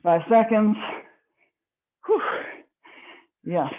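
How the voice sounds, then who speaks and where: A woman's voice: medium pitch, lively intonation, takes it slowly, pauses often. A woman fitness instructor leading a live online workout class, slightly out of breath, encouraging and counting reps. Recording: tinny phone-like online call audio.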